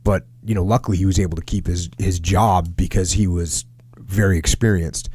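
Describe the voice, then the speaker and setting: A man's voice: low-pitched, steady tone, normal speed, a little mellow, husky, dry recording. A man hosting a podcast, telling a military training story casually with lots of jargon and restarts. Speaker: podcast host.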